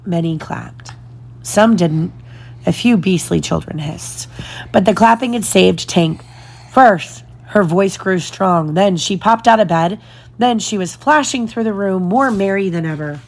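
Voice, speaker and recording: Woman, storybook reader, gravelly fry, unhurried, deliberate. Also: medium pitch. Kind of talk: reading a children's story aloud.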